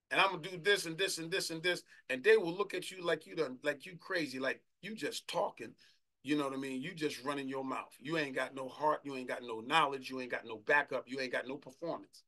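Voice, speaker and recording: Fervent preacher with a bright, tense voice. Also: male voice, a little high. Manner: fervent, shouting bursts, drawn-out scripture reading. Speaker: apostle preaching. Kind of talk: sermon.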